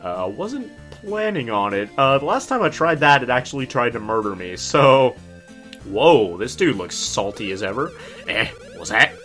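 Lively, joking male let's player. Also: mid-range voice, normal speed, faint music behind. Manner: joking, chatty, reads game dialogue aloud. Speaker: let's play host. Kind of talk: casual gameplay commentary.

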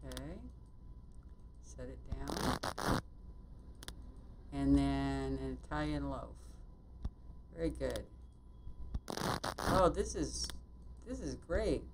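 A woman playing a bakery shop game, muttering to herself as she works, with quick exclamations and mild swearing. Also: extremely low pitch, background noise. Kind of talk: casual let's-play commentary.

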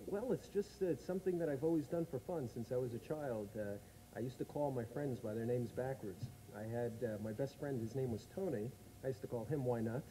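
A man's voice: medium pitch, a little fast, dark tone, a little hiss or hum, poor audio. An American man as a chat show guest, genially and patiently explaining his odd talent. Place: studio with live audience.

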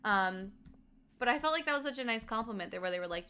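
A young woman from Colorado chatting casually and quickly while streaming a game, reading out chat and humming along. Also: fairly high pitch, lively intonation, sharp tone, slight background noise. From Colorado, USA. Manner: fast-talking, chatty, reads chat aloud, hums along.

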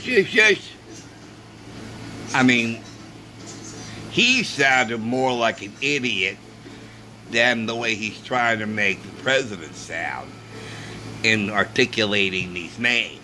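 A man's voice: lowish voice, noisy background. A man vlogging in an indignant, repetitive monologue that keeps circling back to the same points. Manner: indignant, repetitive, drawn-out phrasing. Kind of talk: ranting monologue.

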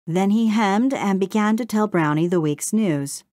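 A woman narrating a children's storybook in a steady, gentle read-aloud manner. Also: medium pitch, a little slow, no echo, studio quality. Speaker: audiobook narrator.

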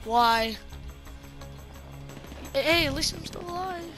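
A young woman giving jokey, excitable commentary while playing a game, repeating her apologies again and again. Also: high voice, takes it slowly, music in the background. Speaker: gameplay streamer. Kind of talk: casual gameplay commentary.

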